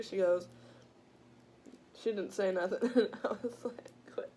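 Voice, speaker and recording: Slow-talking crude country-accented woman. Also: mid-range voice. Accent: American country. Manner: crude, joking, laughs a lot. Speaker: mukbang vlogger. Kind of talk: casual eating vlog.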